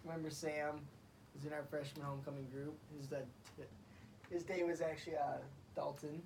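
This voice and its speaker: A young man with a slightly high voice rambles through school memories, peppering every phrase with filler. He sounds set back from the mic, with clear noise running behind him. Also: little pitch movement, brisk, a little mellow, recorded from a distance, rough recording. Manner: rambling storyteller, heavy on filler "like". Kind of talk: casual podcast chat.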